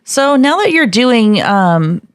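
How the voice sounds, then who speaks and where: A woman's voice: fairly high pitch, very animated, slow. A woman co-hosting a podcast in a studio, chatty and laughing along with her guest. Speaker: co-host. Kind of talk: casual chat.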